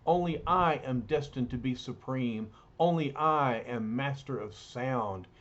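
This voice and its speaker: A man's voice: mid-range voice, measured pace, fairly bright tone, close to an everyday voice. A man voicing an arrogant, ruthless male villain warlord in a comic book read aloud, with a raised, ranting delivery. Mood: boastful. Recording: dull lo-fi recording.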